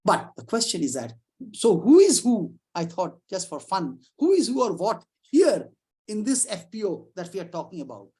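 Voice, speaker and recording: A middle-aged woman, a psychiatrist giving an informal lecture over a video call, talking in a lively, conversational way with frequent restarts and asides. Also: fairly low pitch, moderate pace.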